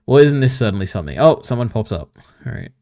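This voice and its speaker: A man's voice: medium pitch, sing-song, quick pace, warm tone. A man streaming casually, reading his chat aloud and bantering back with frequent chuckles.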